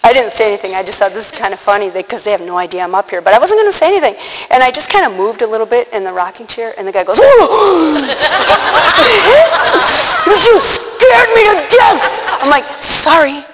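A woman telling a personal story to an audience, animated, acting out the quotes and laughing often. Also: medium pitch, rapid-fire. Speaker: religious speaker. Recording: long hall reverb, faint noise.

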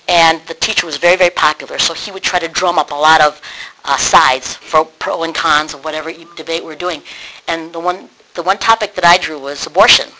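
A middle-aged woman from Wisconsin telling a personal testimony, lively and acting out remembered dialogue. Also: fairly low pitch, slight background noise, poor audio. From Wisconsin, USA. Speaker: speaker giving a personal testimony. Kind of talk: personal storytelling.

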